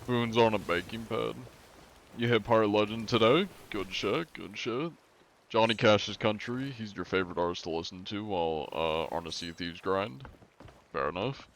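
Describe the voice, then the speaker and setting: Young man streaming a game, his low voice gravelly and fry-edged. He talks laid-back to chat into a desk mic, with faint hum behind. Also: normal speed, a bit bright. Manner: laid-back, reads chat aloud, laughs often. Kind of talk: casual live-stream chat.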